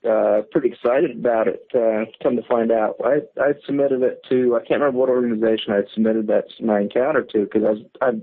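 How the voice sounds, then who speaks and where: A man's voice: mid-range voice, fairly even intonation, fast talker, few pauses. A man calling in, telling a story in a rambling, casual way, full of fillers and restarts. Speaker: caller. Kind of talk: casual storytelling on a call-in show. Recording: tinny phone line.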